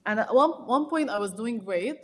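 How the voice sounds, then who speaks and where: A young woman guest on a podcast, telling a personal story in a casual, animated way with restarts and laughter. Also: on the high side, quick pace, slight background noise.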